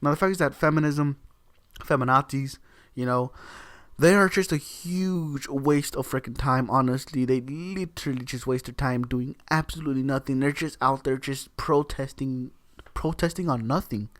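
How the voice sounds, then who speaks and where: A man's voice: medium pitch, normal speed, no echo. A man ranting to camera in a heated, repetitive way, swearing often and leaning on the same words again and again. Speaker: video creator. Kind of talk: opinion rant to camera.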